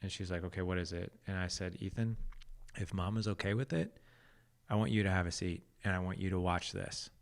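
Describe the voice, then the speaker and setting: A man's voice: low voice, fairly quick, gravelly. A man as a podcast guest, telling a family story in a laid-back way and acting out the quotes. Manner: laid-back, laughs easily, acts out quotes. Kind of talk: casual storytelling.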